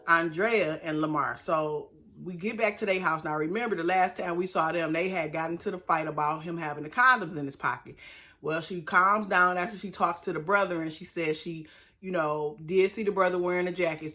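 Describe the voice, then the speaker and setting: A woman's voice: lowish voice, pushed and bright. A woman recapping a reality show in a chatty, sassy way, acting out the cast's lines. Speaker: reality TV reviewer. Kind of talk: casual recap commentary.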